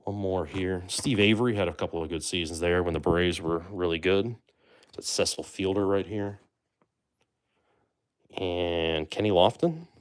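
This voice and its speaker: Low-voiced man hosting a casual livestream. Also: a little slow. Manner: chatty, relaxed, trails off with fillers and asides to chat. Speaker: livestream host opening baseball card boxes. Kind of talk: casual live-stream commentary.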